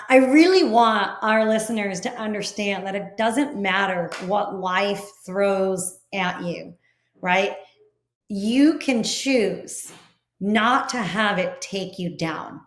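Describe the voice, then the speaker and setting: A woman's voice: mid-range voice, takes it slowly, fairly bright tone, roomy sound. A woman hosting a podcast interview, talking in a reflective, encouraging way. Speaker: podcast host. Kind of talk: conversational interview.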